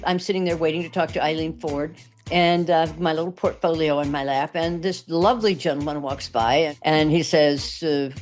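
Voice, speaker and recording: An older woman from Texas, an actress telling lively anecdotes in an interview and acting out the people she quotes. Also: low voice, normal speed, faint music behind. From Texas, USA. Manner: animated anecdotes with quoted voices. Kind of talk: interview storytelling.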